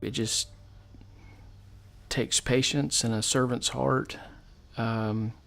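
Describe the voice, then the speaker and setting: A husband and father reflecting on his own family life in a measured way, pausing as he talks. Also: mid-range voice, fairly even intonation, creaky, fairly bright tone. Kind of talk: personal testimony.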